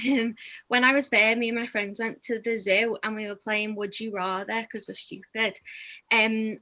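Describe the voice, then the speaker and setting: A woman's voice: on the high side, pushed and bright, poor audio. A young woman comedian doing a chatty, self-deprecating stand-up set over a video call, laughing between jokes. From England.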